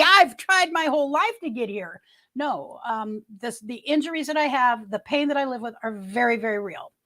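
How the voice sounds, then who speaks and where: A middle-aged woman with a high, fairly bright voice hosts a casual livestream over a webcam mic. She rambles as she chats with viewers, greeting them by name and often restarting her sentences.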